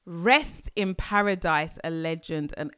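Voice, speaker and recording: A woman from London with a London accent, hosting a casual solo podcast, chatty and animated with sudden exclamations. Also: fairly low pitch, takes it slowly, smooth. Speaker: podcast host.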